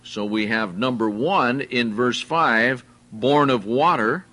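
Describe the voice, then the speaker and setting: A man preaching a sermon, teaching verse by verse in a slow, deliberate way and putting questions to his listeners. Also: medium pitch, sharp tone. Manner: slow, deliberate, explains Greek words and asks the listeners questions.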